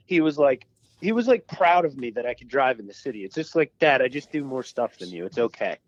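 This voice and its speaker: A man's voice: medium pitch, animated, fairly quick, no room sound, lo-fi sound. A man co-hosting a podcast, swapping stories in casual chat and swearing now and then. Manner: swearing, storytelling. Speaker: podcast co-host.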